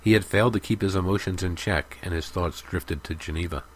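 A man narrating a story in a steady, even audiobook style. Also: sits low, brisk.

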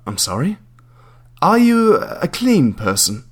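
Prying bohemian landlady in her forties, lifted and slow, voiced by a man. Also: a little high, wildly swooping pitch, breathy edge, pitched above the performer's own voice, full character voice. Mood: probing.

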